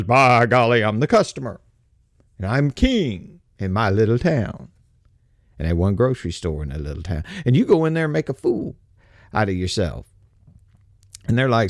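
A man's voice: medium pitch, dry recording, studio quality. A man giving a casual, sarcastic political rant and mocking others' voices. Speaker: political commentator. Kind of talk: casual opinion monologue.

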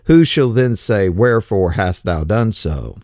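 A man's voice: on the low side, expressive, a little slow, a little mellow, dry recording, studio quality, voice pushed down. A man reading the lines of an old embattled king in solemn archaic scripture language. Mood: grave.

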